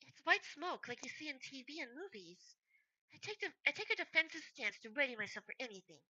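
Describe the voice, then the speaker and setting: A woman streamer reading a game's story text aloud in a let's-play, expressive and animated. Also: high voice, quick pace, no room sound, muffled recording. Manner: expressive, breaks into laughter.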